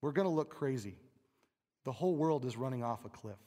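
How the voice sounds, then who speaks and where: A man's voice: medium pitch, animated, brisk, dark tone. A man preaching an Easter sermon in a conversational, emphatic way, often asking the congregation questions. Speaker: pastor. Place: church sanctuary. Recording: long reverb of a large hall.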